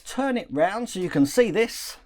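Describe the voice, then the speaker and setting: A man walks through a model-building tutorial one step at a time, talking while he works with his hands. His voice sits a little higher than most men's. The delivery is calm and explanatory. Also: normal speed, slight background noise. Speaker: model-building channel host.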